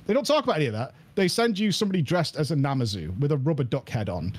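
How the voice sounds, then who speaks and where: A man guesting on a podcast, telling a story in an animated, emphatic way and laughing often. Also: a little high, racing. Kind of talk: casual podcast chat.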